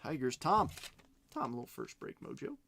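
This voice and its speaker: A man hosting a live card-opening stream in a relaxed, unhurried way. He chats casually, reads out names one after another, and drops playful, self-mocking jokes between cards. His voice sits in an ordinary middle pitch for a man. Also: vocal fry, slight background noise. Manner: chatty and unhurried, reading out names as he goes. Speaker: card break host.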